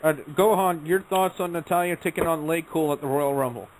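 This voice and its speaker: A man's voice: on the high side, a little fast, noisy background. A man hosting an internet radio talk show, emphatic, calling on each panelist in turn. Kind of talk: casual wrestling talk show.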